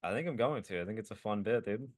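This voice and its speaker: A man with a fairly low voice, trading sarcastic, deadpan banter as a comedian co-hosting a podcast. His delivery stays dry and offhand, even when he is joking. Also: fast. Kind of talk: casual chat.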